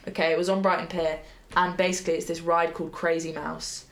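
A young woman co-hosting a podcast, chatting loosely and filling her stories with "like". Her voice sits a little low, and the room gives it a noticeable echo. The talk is relaxed and animated. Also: quick pace. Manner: chatty, animated storytelling with frequent "like". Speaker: podcast co-host. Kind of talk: casual chat. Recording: echoey room.

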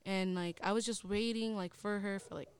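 A young woman co-hosts a casual podcast chat. Her voice is smooth and clear, at a middle pitch, and she talks in a loose, rambling way, with plenty of "like" and casual swearing. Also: steady tone, moderate pace, no echo. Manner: rambling storytelling full of "like" and swearing. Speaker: podcast co-host.

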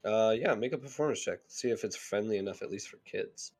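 A man's voice: on the low side, a little fast, a little mellow, soft background music. A man narrating a tabletop game as game master, loose and hesitant, with lots of filler words.

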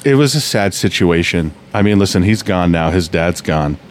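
A man's voice: deep voice, lively intonation, moderate pace, slight background noise. A man telling stories in a casual podcast chat, rambling and restarting often.

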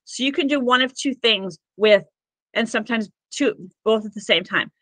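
An Akashic records practitioner and spiritual healer chats as a podcast guest, sincerely rambling through stories packed with "like" fillers. Her voice is on the high side, with a fairly bright tone and a moderate pace. No echo is present, but the audio is poor.

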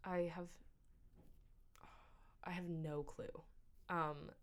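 A woman's voice: on the low side, steady tone, extremely slow, slight background noise. A teenage girl from Canada, chatting casually as the interviewee, with lots of fillers and restarts. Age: teens.

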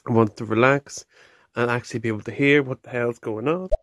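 A man's voice: medium pitch, steady tone, brisk, a bit bright, dry recording. A man with a Northern Irish accent, co-hosting a podcast and ranting bluntly in casual chat. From Northern Ireland.

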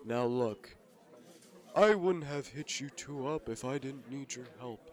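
A man playing Santa Claus as a vengeful action hero in an improvised comedy podcast, with a lively, theatrical delivery. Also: mid-range voice, unhurried, natural voice. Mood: urgent. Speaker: podcast host. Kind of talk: improvised comedy role-play.

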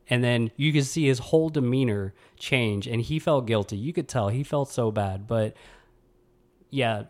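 Male podcast host, 30s, from Mississippi; somber, halting personal storytelling. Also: mid-range voice. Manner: somber, halting, with frequent restarts.

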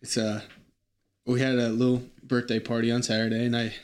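A man in his early twenties chatting on a casual podcast. He rambles in a laid-back way and leans on fillers. His voice has an ordinary middle pitch. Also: completely flat delivery, a little fast, darkish tone. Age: 20s. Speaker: podcast co-host. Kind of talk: casual chat.

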